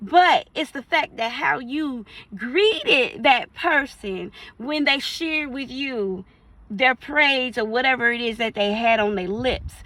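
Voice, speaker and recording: A woman's voice: high-pitched, sharp tone, dry recording, rough recording. A woman minister preaching casually, acting out little dialogues in playful voices.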